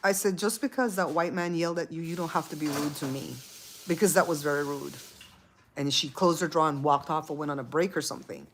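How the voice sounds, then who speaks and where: A middle-aged woman hosts her own channel, telling a story casually and a little fast. She's an animated storyteller who acts out what people said with big jumps in pitch, and there's a little hiss or hum in the audio.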